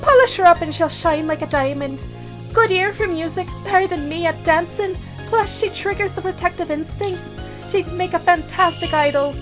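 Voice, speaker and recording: A woman doing a lively young woman who hunts ghosts, speaking in a raised, girlish pitch. She is chatty and confident, reading game dialogue aloud. Faint game music plays underneath. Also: normal speed. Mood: enthusiastic.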